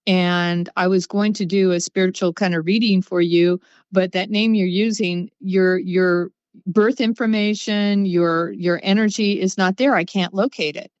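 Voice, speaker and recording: A woman's voice: on the low side, fairly even intonation, unhurried, darkish tone, no room sound, highs cut off. Upbeat woman guest telling stories. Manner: upbeat, laughs between stories. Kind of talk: casual storytelling.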